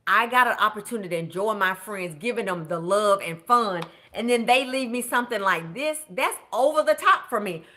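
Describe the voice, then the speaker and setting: A woman, a budget coach chatting casually with viewers in an animated way, shouting out greetings to them. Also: mid-range voice. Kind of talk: casual live-stream chat.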